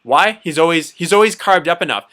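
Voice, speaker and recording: A man's voice: a little high, expressive, a little fast, bright, forceful tone. A man talking casually to camera about diet, repeating himself and dropping lots of "you know.". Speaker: diet vlogger.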